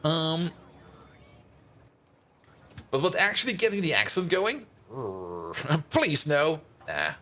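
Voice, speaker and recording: A young native German speaker with a German accent chats casually with viewers while playing a game on a live stream, answering chat, humming and laughing. His fairly high voice is pushed and bright with big pitch swings. He takes it slowly, leaving long pauses.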